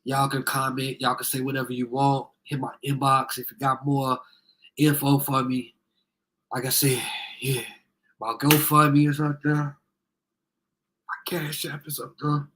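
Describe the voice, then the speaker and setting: A man's voice: medium pitch, little pitch movement, normal speed, sharp tone, a little hiss or hum. A man speaking into his phone on a live video, confrontational and profane, repeating himself as he appeals to viewers. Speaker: livestreamer asking viewers for help. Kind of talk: heated live video rant.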